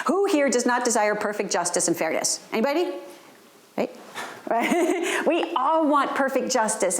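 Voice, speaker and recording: A woman giving a lecture at a student training, telling personal stories in an animated way and often checking in with the audience. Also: on the high side, echoey room. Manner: animated, often asks "right?".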